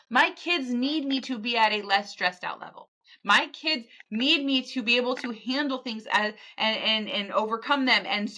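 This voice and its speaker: A woman's voice: a little high, bright, forceful tone. A woman podcast host speaking candidly in a raw, emotional motivational monologue, often repeating herself.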